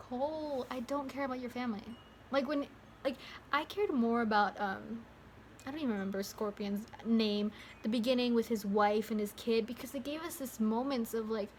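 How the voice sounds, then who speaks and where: A young woman vlogs a movie review, chatting casually to camera, rambling, cutting herself off, and using plenty of fillers. Her voice is a little high, with slight background noise.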